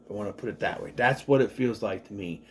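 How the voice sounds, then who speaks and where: A man's voice: on the low side, quick pace. A man giving a casual, chatty movie review, rambling with many fillers and restarts and acting out the characters' lines. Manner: animated, acts out the characters' lines.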